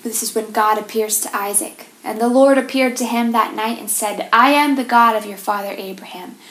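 A woman giving a devotional talk, reading scripture and reflecting on it in a measured, gentle way. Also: fairly high pitch. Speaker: devotional speaker. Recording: roomy echo.

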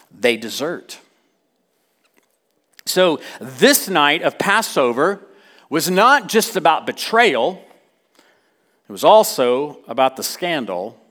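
A man preaching a sermon in church, animated, with wry asides and dramatic quoted lines. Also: mid-range voice.

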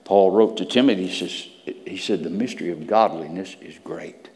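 A man preaching a sermon, swinging between hushed whispers and loud emphatic peaks. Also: deep voice, lively intonation, fairly quick, hardly any pauses, in a large hall.

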